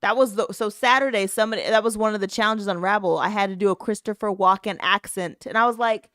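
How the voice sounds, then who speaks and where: A woman co-hosting a podcast in casual chat, teasing and quick with her words. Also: mid-range voice, fairly bright tone, no room sound, clean studio sound. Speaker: podcast co-host.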